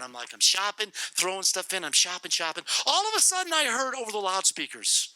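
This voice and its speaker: Middle-aged man, comic testimony storytelling, high lively voice, very bright tone. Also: a little fast, hardly any pauses, no echo, low-quality recording. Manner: animated, comic, repetitive storytelling. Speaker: guest speaker to youth group.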